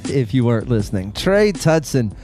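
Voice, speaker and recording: A man hosting a casual comedy podcast, wry and quick-witted, steering the talk and plugging shows. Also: mid-range voice, big pitch swings. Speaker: podcast host.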